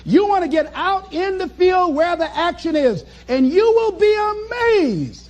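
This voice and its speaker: High-pitched animated motivational speaker, man. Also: unhurried. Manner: animated, preacherly, acts out voices and chuckles. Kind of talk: motivational speech to an audience.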